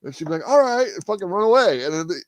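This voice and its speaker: A man chatting casually on a livestream, animated and swearing, acting out film scenes with laughter. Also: a little high, rapid-fire, no room sound. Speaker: streamer.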